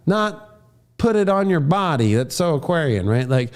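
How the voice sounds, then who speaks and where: A man giving a horoscope forecast as an astrologer, casual and profane, acting out voices he quotes and bursting into shouts. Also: fairly high pitch, very animated, moderate pace, creaky.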